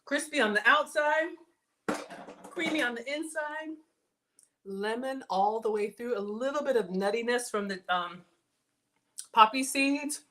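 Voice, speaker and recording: A middle-aged woman, hosting a casual cooking livestream, chatty and excitable, talking straight to her viewers. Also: a little high, unhurried, pauses often. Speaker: home cook livestream host.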